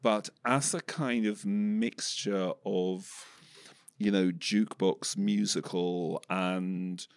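A man with an English accent discussing a film on a podcast, measured and hedging, full of "you know"s. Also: sits low, steady tone, no echo. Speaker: film critic.

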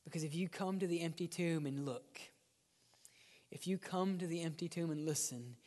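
A male pastor preaching a sermon, swinging between loud, driven lines and hushed, near-whispered ones. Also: fairly high pitch, normal speed, long reverb tail. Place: church sanctuary.

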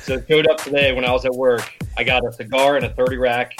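A man with an ordinary mid-pitched voice chats in a laid-back, self-deprecating way on a podcast. He joins over a video call, and music is clearly heard behind him. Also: little pitch movement, fast, fairly bright tone. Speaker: podcast panelist. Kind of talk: casual podcast chat.

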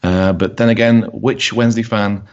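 A man hosting a casual podcast, relaxed and halting, with plenty of ums. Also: fairly low pitch, muffled recording. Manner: relaxed, hesitant with many ums. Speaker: podcast host.

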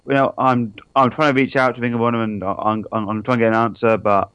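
A man's voice: medium pitch, flat delivery, a little fast, fairly bright tone, clear, resonant tone, highs cut off. A man co-hosts a casual radio talk show with a mid-range voice. He speaks matter-of-factly, often in short interjections. The sound is dry, with no room echo.

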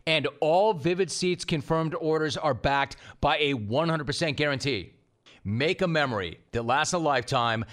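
A man's voice: on the high side, a bit bright. A man hosting a podcast, speaking emphatically, asking questions and reading an ad. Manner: emphatic, enthusiastic delivery. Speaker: podcast host. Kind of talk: podcast interview and live ad read.

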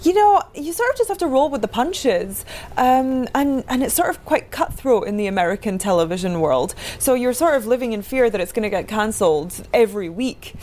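A Scottish woman chatting as a guest in a casual interview, with a fairly high voice. She talks freely with lots of fillers and laughs often. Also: animated, brisk, darkish tone. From Scotland. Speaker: actress guest.

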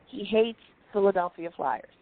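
A woman telling lively stories in casual chat, quoting people and clearing her throat often. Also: mid-range voice, moderate pace. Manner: animated anecdotes, quoting others, frequent throat clearing. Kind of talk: casual storytelling on a call-in chat. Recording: tinny phone line.

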